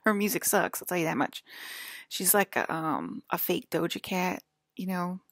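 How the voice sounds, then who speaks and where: A woman's voice: fairly low pitch, animated, normal speed, fairly bright tone, dry recording, studio quality. A woman talking in a casual, rambling monologue, full of "like" fillers and drifting from topic to topic. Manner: offhand, drifts between topics.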